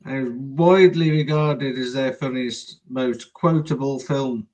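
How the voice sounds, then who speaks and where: A man's voice: mid-range voice, slow, darkish tone, low-quality recording. A man co-hosting a casual live-stream film chat, joking and rambling a little over a home video call.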